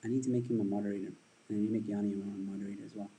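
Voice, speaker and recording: Husky-voiced man chatting on a livestream. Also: lowish voice, flat delivery, racing, warm tone, rough recording. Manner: rambling, chatty, reads and answers viewer comments. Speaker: livestream host and stand-up comedian. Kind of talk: casual livestream chat.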